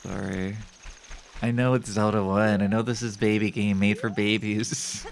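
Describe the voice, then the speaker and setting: A man's voice: fairly low pitch, normal speed. A man streaming gameplay live, chatting casually with his viewers in a joking, self-mocking way. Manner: animated, joking, talks to chat.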